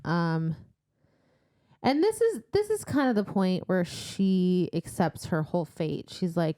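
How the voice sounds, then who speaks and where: Dark-voiced chatty woman podcaster. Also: on the low side, lively intonation, dry recording, clean studio sound. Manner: chatty, acts out characters in quick asides. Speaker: podcast co-host. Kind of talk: casual book chat.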